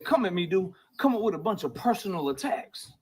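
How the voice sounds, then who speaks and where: A man's voice: high voice, big pitch swings, fairly quick, darkish tone, slightly rough, low-quality recording. A man talking boxing on his own channel, brash and trash-talking, played as a clip. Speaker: boxing commentator in clips.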